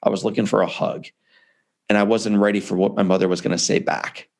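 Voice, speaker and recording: A man with a gravelly, somewhat low voice recounts a personal story as an interview guest. He speaks earnestly and from the heart, the way a seasoned speaker tells his own tale. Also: flat delivery, brisk, darkish tone.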